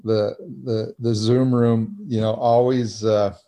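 A middle-aged man sharing his story on a video call, earnest and halting, full of fillers and restarts. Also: on the low side, level tone, warm tone. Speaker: recovery meeting speaker.

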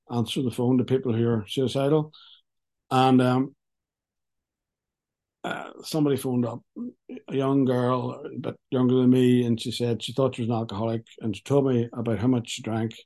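Mellow-voiced man sharing his story. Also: mid-range voice. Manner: frank, wry, halting. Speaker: speaker sharing at a recovery meeting. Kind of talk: personal testimony.

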